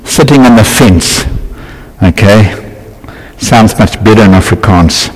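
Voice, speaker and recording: A man's voice: lowish voice, a little slow. A man preaching a sermon, reading scripture aloud and then bantering with and quizzing his congregation. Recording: reverberant hall.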